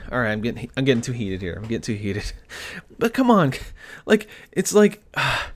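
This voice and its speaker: Excitable ranting young man. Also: mid-range voice, normal speed. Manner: excitable, ranting, swears a lot; laughs between lines. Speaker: podcast host. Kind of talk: solo podcast rant.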